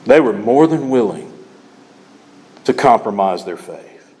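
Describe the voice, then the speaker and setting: A man's voice: lowish voice, expressive, unhurried, pauses often, darkish tone. A man preaching a sermon with emphatic, repeated key phrases, in a church. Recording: long hall reverb.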